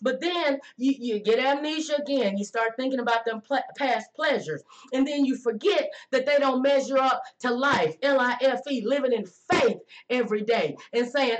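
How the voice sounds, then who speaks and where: A woman preaching a lively, folksy sermon, calling out to listeners and slowing down to stress key words. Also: high-pitched, low-quality recording. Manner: folksy, call-and-response, drawn-out emphasis.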